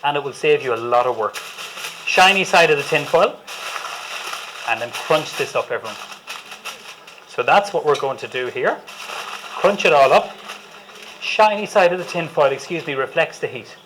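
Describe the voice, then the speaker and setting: An enthusiastic Irish chef talks an audience through a cooking demonstration, chatty and full of jokes. His voice sits a little high for a man. A faint hiss of noise stays under the live room. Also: animated, moderate pace, long pauses, a bit bright, low-quality recording. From Ireland.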